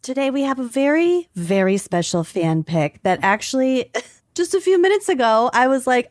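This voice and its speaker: A woman's voice: high-pitched, big pitch swings, moderate pace, dry recording, studio quality. A woman from the Upper Midwest co-hosting a podcast, chatting casually and giggling often. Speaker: podcast co-host. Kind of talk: casual chat.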